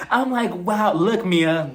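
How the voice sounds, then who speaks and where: A man's voice: high voice, a little hiss or hum. A man giving a casual, dramatic recap of a reality show, full of exclamations. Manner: animated, dramatic retelling with exclamations. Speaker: reality TV reviewer.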